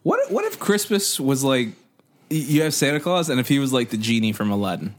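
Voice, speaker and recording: A man's voice: medium pitch, very animated, a little fast. A young man co-hosting a podcast, joking and teasing in casual chat and retelling a comedy bit with impressions. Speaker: podcast co-host.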